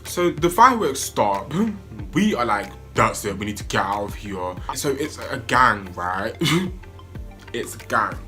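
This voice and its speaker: A young man, telling a wild story in an excitable, animated way that jumps into high yelps. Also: slow, faint music behind. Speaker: vlogger. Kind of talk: storytime vlog.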